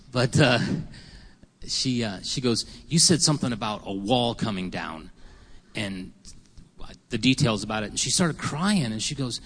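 A man on a church panel telling a story with lively energy, acting out the quotes. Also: medium pitch, moderate pace, in a large hall. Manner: lively, laughs, acts out quotes. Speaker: panelist, prophetic minister. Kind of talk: animated storytelling.

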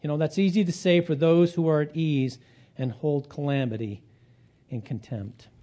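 A man preaching a sermon, reading and retelling scripture, whose voice rises for quoted speeches and drops low for his asides. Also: moderate pace, mellow.

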